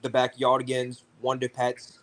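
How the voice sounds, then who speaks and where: A man chatting casually and eagerly, jumping in with quick remarks. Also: mid-range voice, monotone, a bit bright. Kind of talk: casual chat.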